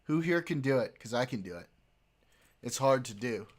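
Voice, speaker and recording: A man's voice: medium pitch, animated, normal speed. A man streaming live, chatting casually with his viewers, joking, swearing and laughing often.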